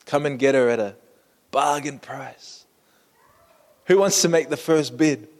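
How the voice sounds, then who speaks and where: A man's voice: medium pitch, unhurried, darkish tone, long reverb tail, lightly acted. A man voicing a brash male auctioneer who pushes a crowd for bids. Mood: pushy. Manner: pushy, coaxing crowd calls.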